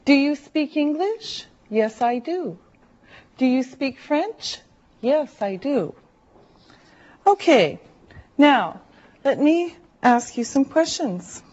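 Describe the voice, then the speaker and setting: A woman teaching an English lesson, drilling words and phrases slowly and deliberately, repeating each one. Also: high voice, expressive, a little mellow, highs cut off. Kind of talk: classroom language lesson.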